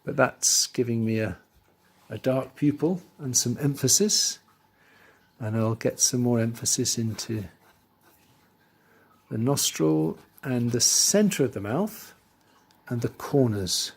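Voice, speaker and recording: A man teaching drawing, talking through his steps as he works and trailing off quietly into asides. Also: mid-range voice, slow, creaky, long pauses, husky. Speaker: art teacher. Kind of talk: drawing tutorial voice-over.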